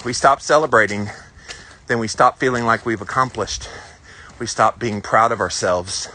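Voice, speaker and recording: A man's voice: on the low side, normal speed, pushed and bright. A man in his forties with a Southern US accent, chatting casually with viewers while out walking a hilly trail. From South Carolina, US. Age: 40s. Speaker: vlogger answering live viewer comments. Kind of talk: casual walk-and-talk chat.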